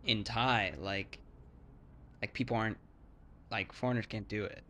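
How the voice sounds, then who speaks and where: Give me a chatty man with a bright, forceful voice who rambles with many fillers. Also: mid-range voice. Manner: acts out word sounds to demonstrate. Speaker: English-speaking foreigner explaining Thai sounds. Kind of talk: casual chat.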